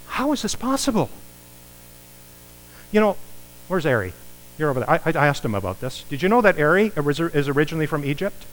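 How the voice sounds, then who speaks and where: A man preaching a sermon as pastor, animated, repeating his words and rising in pitch on the points he stresses. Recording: long reverb of a church hall.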